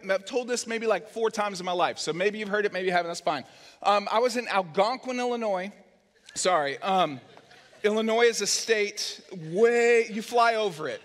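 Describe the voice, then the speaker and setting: A man's voice: high-pitched, a bit bright. A man preaching as a pastor, telling a self-mocking story and acting out the voices in it. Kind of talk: sermon story. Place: large church hall. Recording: long hall reverb.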